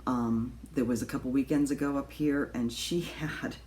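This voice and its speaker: A woman's voice: rumbling low, fairly even intonation, moderate pace, darkish tone. A woman chatting casually to camera from her apartment about her crafts, rambling with lots of ums and little laughs. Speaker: cross stitch vlogger. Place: home in an apartment.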